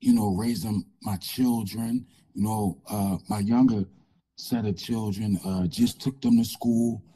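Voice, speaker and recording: A man with a low, husky, rasping voice that sounds worn down. He talks slowly and haltingly in a dark, mellow tone, filling gaps with small pauses as he tells his story to an interviewer. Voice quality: raspy, changed voice. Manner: halting, many fillers and pauses. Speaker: guest.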